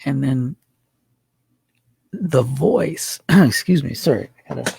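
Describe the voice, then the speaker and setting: A man's voice: a little high, expressive, unhurried, gravelly, darkish tone, breathy edge, no room sound. A man hosting a casual chat, rambling through a story with restarts and chuckles. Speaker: channel host.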